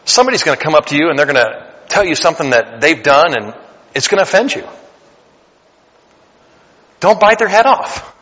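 A man's voice: on the high side, big pitch swings, brisk, long pauses, bright, forceful tone, in a large hall, muffled recording. A man in his late forties preaching a sermon, talking to the congregation in a conversational way and building to emphatic bursts. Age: 40s. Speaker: pastor. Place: church sanctuary.

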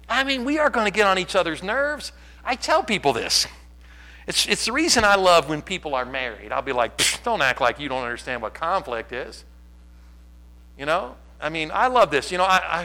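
A male pastor delivering a sermon to his church, his voice sitting a bit high with a bright, forceful edge. He preaches in an animated way, moving from loud, pressing lines to soft, quiet asides.

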